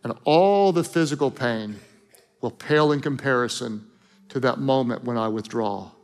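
Heavenly father figure, played by a male preacher, earnest, solemn, slow deliberate delivery, high voice. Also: a bit bright, full character voice. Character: loving divine father urging his son.

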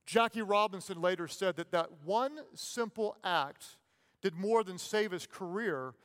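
Man preaching, high voice, smooth and resonant tone, long church-hall reverb, animated storyteller. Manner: animated storytelling, repeats key lines slowly for emphasis. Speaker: pastor. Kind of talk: sermon.

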